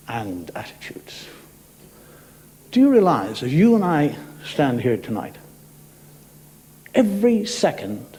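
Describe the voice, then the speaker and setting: A middle-aged man doing a stand-up comedy monologue on a TV stage, telling wry stories with bursts of mock outrage. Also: mid-range voice. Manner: wry storytelling with mock outrage, acts out voices. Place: TV studio stage before a live audience. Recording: noisy live TV recording with loud crowd. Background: audience laughter.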